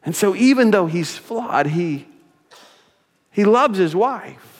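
A male pastor preaching a sermon, swinging between emphatic loud points and soft, hushed asides, often repeating his phrases. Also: high-pitched, animated, slow pace. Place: church sanctuary. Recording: church sanctuary with long reverb.

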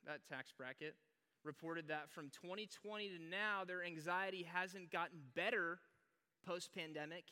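A man preaches a casual sermon as a youth pastor, rambling with fillers and quick jokes. His voice sits high and rings very bright. The sound carries a long hall reverb. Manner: chatty, joking, many fillers and restarts. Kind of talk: casual sermon to a live audience.

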